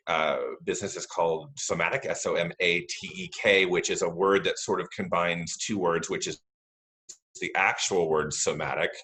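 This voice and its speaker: A man's voice: low-pitched, bright, forceful tone. A middle-aged man, a guest on a video call, explaining stress management in a hesitant way with many ums and restarts. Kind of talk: conversational explanation.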